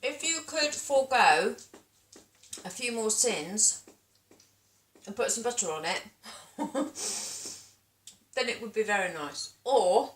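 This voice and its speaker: A woman's voice: fairly high pitch, lively intonation, slow pace, pauses often. A British woman vlogging casually at home, chatting in a rambling way while cooking and tasting. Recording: echoey room, voice from a distance.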